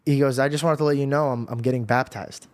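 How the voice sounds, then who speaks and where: A man's voice: mid-range voice, fast, dry recording. Casual young man telling a testimony. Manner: casual, animated storytelling with slang. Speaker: podcast guest. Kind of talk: emotional personal testimony.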